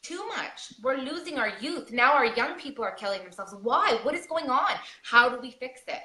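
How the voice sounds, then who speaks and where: A woman with a bright, ringing voice speaks a little higher than most. She talks earnestly and pleads with repeated questions, and her voice carries some room echo. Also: expressive, normal speed. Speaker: podcast guest. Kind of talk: emotional personal storytelling.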